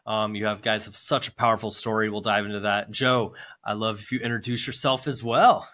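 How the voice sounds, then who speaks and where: Male podcast host, eager and effusive, bright forceful tone. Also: lowish voice, fairly even intonation, fairly quick. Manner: enthusiastic and effusive. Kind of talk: upbeat podcast hosting.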